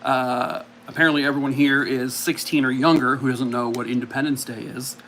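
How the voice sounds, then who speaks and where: A man's voice: mid-range voice, steady tone, a little fast, fairly bright tone, a little hiss or hum. A man hosting a casual livestream, chatting and mocking himself as he reacts to viewer comments. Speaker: livestream host.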